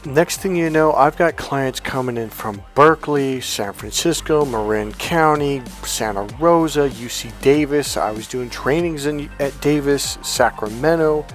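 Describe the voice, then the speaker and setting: A man's voice: mid-range voice, measured pace, hardly any pauses, soft background music. A man, a dating coach, telling a rambling personal story in a casual way, swearing freely and correcting himself as he goes. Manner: rambling, self-correcting, swears casually, acts out past dialogue.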